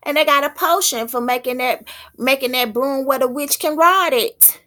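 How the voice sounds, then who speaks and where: A woman teaching as a self-styled prophetess, thinking aloud in a halting way and stopping to read passages out. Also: high voice, sharp tone. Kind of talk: slow spoken teaching.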